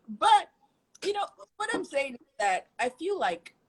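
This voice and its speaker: A woman hosting an interview, animated and self-deprecating, laughing often as she talks. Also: sits high, a little slow, rough recording. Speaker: interview host. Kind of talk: candid conversational interview.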